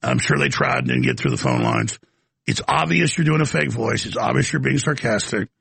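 A man's voice: lowish voice, big pitch swings, fairly quick, gravelly, a bit bright, breathy edge, no room sound. A male talk show host taking calls, blunt and skeptical with the caller. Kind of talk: call-in radio talk.

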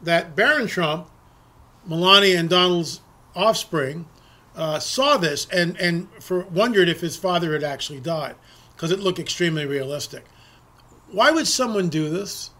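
A man's voice: a little high, expressive, unhurried, pushed and bright. A middle-aged man hosting an opinionated political monologue, talking emphatically and repeating words as he presses his points. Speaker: political commentary host.

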